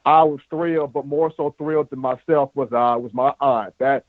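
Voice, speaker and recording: A man co-hosting a sports podcast, telling animated stories in casual talk and repeating words as he goes. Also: medium pitch, moderate pace, no room sound. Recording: muffled lo-fi dry sound.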